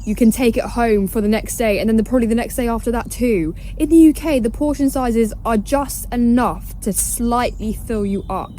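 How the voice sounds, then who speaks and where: Mellow woman counting down. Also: on the high side, moderate pace, few pauses, a little hiss or hum. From Britain. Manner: upbeat, countdown style. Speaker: travel vlogger. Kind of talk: listing tips to camera.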